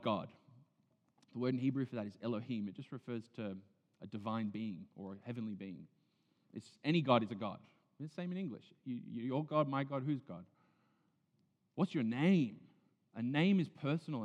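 Earnest male pastor preaching in a hall. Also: medium pitch. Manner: earnest, swings from loud emphasis to hushed near-whisper. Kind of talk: sermon. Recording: dull sound in a big reverberant hall.

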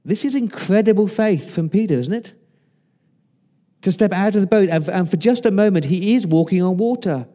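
A man's voice: high-pitched, dark tone. A man preaching a sermon in a conversational way, asking the listeners questions and acting out quoted lines. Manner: conversational preaching with rhetorical questions and dramatic pauses; acts out quoted lines in varied voices. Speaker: pastor.

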